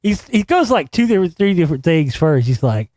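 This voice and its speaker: Casual male host, middle-aged, slightly high voice, profane and animated storyteller, dry close sound. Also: brisk, dry recording. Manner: profane, animated, laughs while recounting. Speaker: podcast host.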